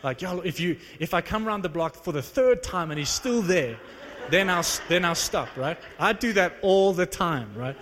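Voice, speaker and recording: A young man from South Africa preaching a sermon, telling a personal testimony with animated storytelling that rises into excited exclamations. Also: sits high, moderate pace, few pauses, slight background noise. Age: young adult. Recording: reverberant hall.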